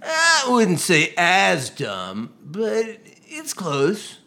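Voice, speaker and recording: A man's voice: sits high, huge pitch swings, drawn-out words, gravelly, sharp tone, exaggerated voice. An actor playing a dim-witted young male student slacker who talks in a dopey, rambling way.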